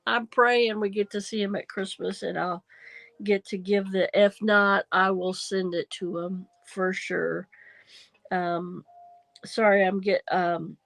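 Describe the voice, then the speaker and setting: A middle-aged woman hosts a casual crafting livestream from home, her voice nasal and congested from feeling unwell. She talks slowly in a rambling, apologetic way, with a gravelly edge, dry close sound and faint music behind her. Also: medium pitch, steady tone, fairly bright tone, no echo. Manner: rambling, apologetic, many ums and restarts. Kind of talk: casual livestream chat while junk journaling.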